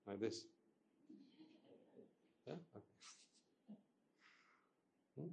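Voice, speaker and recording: A man's voice: drawn-out words, a little mellow, slight background noise. A man giving a Buddhist dharma talk to listeners, questioning them and repeating his points for emphasis. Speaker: Buddhist teacher.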